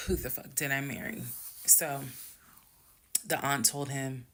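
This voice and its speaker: A woman telling a dramatic personal story in an animated, emphatic way, talking straight to her viewers. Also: very deep voice, measured pace, long pauses, a little hiss or hum. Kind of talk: casual storytime monologue.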